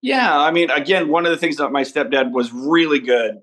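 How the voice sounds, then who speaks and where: A man from Nebraska, a podcast guest talking in a relaxed, rambling way about his upbringing and family. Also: fairly high pitch, fairly quick, low-quality recording. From Nebraska, USA. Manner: easygoing, rambling storyteller. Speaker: podcast guest, father and entrepreneur. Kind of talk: casual interview conversation.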